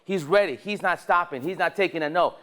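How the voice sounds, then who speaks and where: A man leading a sales training session at a dealership, energetic and rallying, firing questions at the staff in the room. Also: fairly high pitch, fairly quick.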